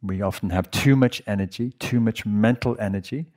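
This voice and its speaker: A man, a meditation teacher, giving a gentle, conversational dharma talk to a retreat audience and asking them questions. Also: fairly low pitch, normal speed. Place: meditation hall.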